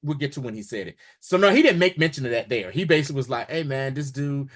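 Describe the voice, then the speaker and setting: Speaking very fast in a husky, mid-range voice, this podcast co-host chats casually through a recap of a TV episode. He's animated, performing the characters' lines as he goes.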